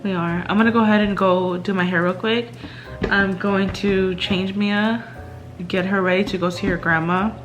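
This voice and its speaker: A woman's voice: medium pitch, fairly even intonation, normal speed, soft background music. A young woman vlogger talking candidly at home in a chatty way, with lots of fillers and laughs. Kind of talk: casual chat. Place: indoors at home.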